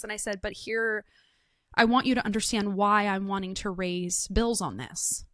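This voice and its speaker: A woman host with a mid-range voice tells stories animatedly at a normal pace during a casual interview chat, acting out the voices she quotes. The studio-quality recording has no room sound.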